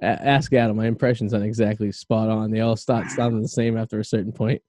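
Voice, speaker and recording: A man's voice: lowish voice, little pitch movement, quick pace, darkish tone, dry recording. A man in his late thirties hosting a podcast, chatting casually and rambling a bit in a self-deprecating way, with lots of "you know" and "I mean". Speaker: podcast host. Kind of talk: casual chat.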